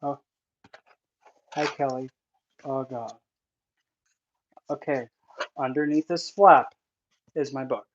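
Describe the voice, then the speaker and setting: A man talks through a casual vlog in a nervous, excitable rush, his voice sitting in an ordinary middle pitch. He exclaims and fusses as he goes. The recording is dull and lo-fi, with a faint hiss underneath. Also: slow, long pauses. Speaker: self-published author unboxing his book. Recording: dull lo-fi sound with faint noise.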